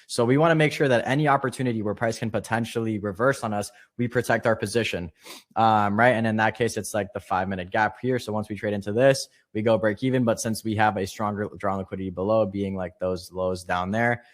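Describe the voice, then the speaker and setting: A man teaching a live online trading lesson, explaining quickly and casually with fillers. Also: lowish voice, steady tone. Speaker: trading instructor.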